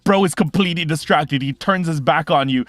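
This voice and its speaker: A young man running a tabletop game as game master, narrating in an animated, fast way with sound effects and quick restarts. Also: fairly high pitch, no room sound.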